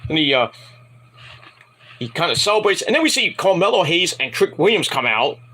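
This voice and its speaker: Male fan reviewer, husky and forceful, rambling and profane; casual review from home. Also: on the high side, very animated, normal speed, poor audio. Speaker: wrestling show reviewer. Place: at home at night.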